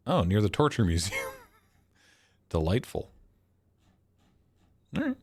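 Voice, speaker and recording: Speaking extremely slowly with long pauses, this man has a lowish, sing-song voice with a fairly bright tone and no echo. While streaming a geography guessing game, he muses aloud, chuckles, and mocks his own guesses in casual commentary.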